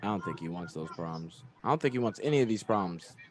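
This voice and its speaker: A man's voice: sits low, animated, fast, slight background noise. A man co-hosting a casual fight-watching stream, speaking, joking loosely and rambling in slang. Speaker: podcast co-host.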